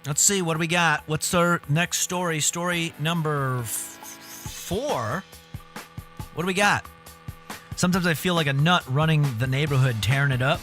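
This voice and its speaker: A man's voice: fairly high pitch, a bit bright. A man hosting a live stream, giving casual, crude, joking commentary with laughing asides.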